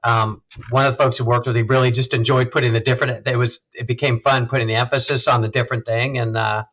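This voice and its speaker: A man's voice: mid-range voice, little pitch movement, a bit bright, dull audio. A man, a health system CEO, speaking thoughtfully as an interview guest, often restarting his sentences. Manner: thoughtful, measured, halting restarts. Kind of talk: conversational interview.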